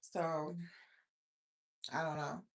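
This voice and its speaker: Woman, thirties, livestream host, blunt, profane, animated ranting. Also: low-pitched, drawn-out words, vocal fry. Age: 30s. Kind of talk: casual livestream chat reading viewer comments.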